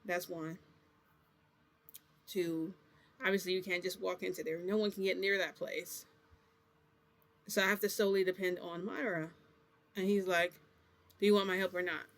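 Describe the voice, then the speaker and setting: A man's voice: high voice, little pitch movement, moderate pace, pauses often, a bit bright. A man vlogging, telling a long rambling story in casual talk, acting out the back-and-forth with "I'm like" and "he goes". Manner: rambling, quotes dialogue with "I'm like".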